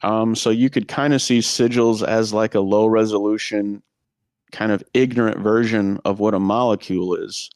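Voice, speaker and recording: A man with a fairly low voice works through his thoughts slowly, filling pauses with "uh" and "like." The sound is dry and close, with almost no room around it. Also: steady tone, darkish tone, no echo. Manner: thoughtful, musing, with many fillers. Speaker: podcast co-host. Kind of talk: casual discussion.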